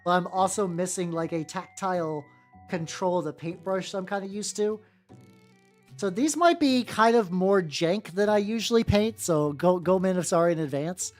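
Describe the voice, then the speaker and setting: A woman's voice: on the low side, normal speed, a little mellow, faint music behind. A woman streamer chatting casually while painting miniatures, rambling and swearing, with lots of fillers and restarts.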